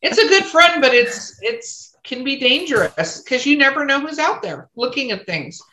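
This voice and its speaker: A woman's voice: high-pitched, animated, moderate pace, pushed and bright, reverberant, low-quality recording. A woman hosting a podcast, chatting casually and asking her guest questions. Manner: conversational, asks questions. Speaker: podcast host. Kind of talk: casual interview chat.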